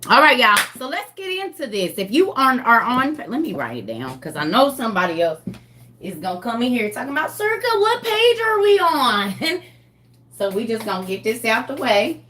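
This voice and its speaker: A woman's voice: fairly high pitch, very animated, fairly quick, bright, forceful tone. A woman hosting a live group chat, talking casually in a playful, teasing way and laughing often. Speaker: host of a live reading group.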